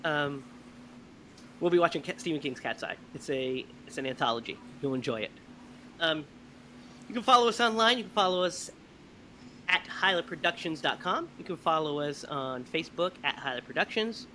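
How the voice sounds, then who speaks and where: A man hosting a podcast, telling stories in a lively, animated way. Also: on the high side, normal speed, a little hiss or hum, low-quality recording. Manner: animated storyteller, laughs often. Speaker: podcast host. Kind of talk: casual chat.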